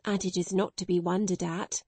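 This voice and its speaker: A woman voicing a gentle, motherly woman who talks in a slow, soothing, kind way. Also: on the low side, level tone, husky, dry recording. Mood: tender.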